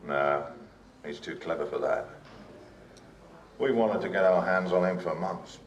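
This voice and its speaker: An actor playing a gruff, matter-of-fact police officer in a period TV drama. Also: male voice, low voice, unhurried, dull audio. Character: gruff police officer, middle-aged man.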